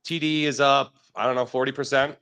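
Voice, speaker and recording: Give me a relaxed man with a medium voice talking market charts. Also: mid-range voice, fairly quick, clear, resonant tone. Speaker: market show co-host. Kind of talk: casual market chat.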